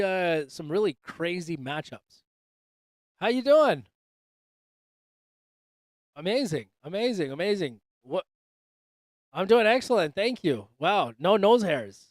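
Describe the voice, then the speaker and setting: High, smooth-voiced man joking on a livestream. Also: no room sound. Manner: loose, joking, swears a lot, calls people dude and bro. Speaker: livestream host. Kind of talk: casual livestream chat with guests. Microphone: desk microphone.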